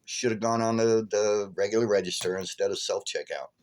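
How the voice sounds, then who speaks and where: A man with a lowish voice tells a story in casual vlog style, meandering and full of fillers. He sounds tired and chuckles his way along. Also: steady tone, brisk, darkish tone. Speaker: vlogger.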